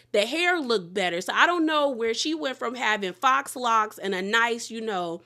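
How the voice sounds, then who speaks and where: A woman's voice: on the high side, fairly bright tone. Chatty, blunt woman recapping TV gossip. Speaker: reality TV recap host. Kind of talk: casual recap commentary.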